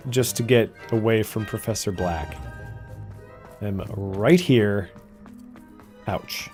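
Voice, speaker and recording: A man's voice: fairly low pitch, slow, long pauses, darkish tone, soft background music. A man streaming a video game, giving playful, jokey commentary. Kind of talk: casual gameplay commentary.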